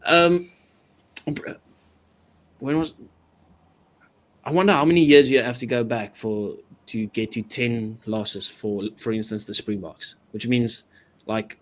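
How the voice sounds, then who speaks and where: A blunt man co-hosting a podcast, stating strong opinions in casual chat. His voice sits at a plain middle pitch. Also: fairly even intonation, measured pace, pauses often. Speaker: podcast co-host.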